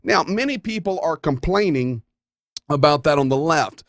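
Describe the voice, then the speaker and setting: A man's voice: a little high, expressive, moderate pace, no room sound, studio quality. A man hosting a talk show, delivering a folksy, emphatic monologue with playful asides. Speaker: show host.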